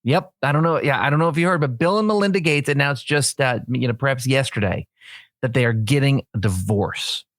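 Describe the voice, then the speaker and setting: A man's voice: mid-range voice, brisk, fairly bright tone, no echo, studio quality. A man co-hosting a comedy podcast, asking wry, mock-serious questions. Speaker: podcast co-host. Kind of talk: casual comedy chat.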